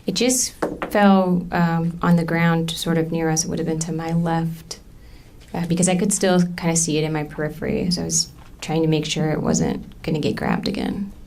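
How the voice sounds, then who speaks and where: A woman in her thirties testifying in a courtroom, halting and full of ums as she recounts what happened. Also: low-pitched, lively intonation, darkish tone. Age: 30s. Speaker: trial witness.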